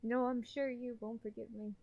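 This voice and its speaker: A woman's voice: on the high side, little pitch movement, normal speed, muffled recording. A woman streaming a game, reacting emotionally and fighting back tears. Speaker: streamer reading game dialogue aloud. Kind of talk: casual let's-play reactions. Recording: game music playing under voice. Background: game soundtrack music.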